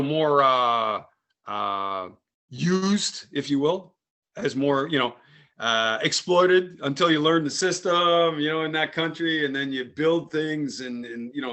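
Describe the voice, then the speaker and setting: Sharp in tone and medium in pitch, this French Canadian man from Canada hosts a podcast and wanders through a casual story, tagging his lines often with "eh" and "man."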